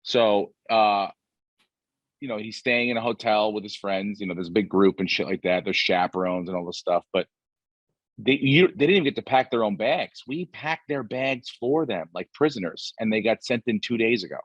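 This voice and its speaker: Man in his forties, podcast host, rambling profane storyteller, lowish voice, dry and slightly muffled sound. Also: normal speed, no echo. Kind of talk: casual podcast chat.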